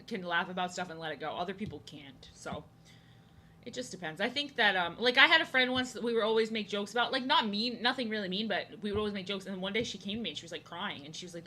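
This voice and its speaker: A woman's voice: medium pitch, pushed and bright, slight background noise. A young woman chatting casually with her viewers while she draws on a stream, rambling from thought to thought. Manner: rambling, chatty, reacting to chat. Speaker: art streamer. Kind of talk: casual chat while drawing.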